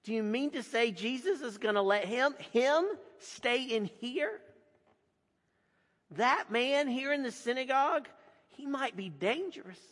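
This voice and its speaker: A man's voice: extremely high pitch, expressive, a little slow, a bit bright, pitched above the performer's own voice, heavily acted. A man voicing an astonished crowd firing off doubtful questions. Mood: incredulous. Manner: incredulous questioning. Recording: long hall reverb.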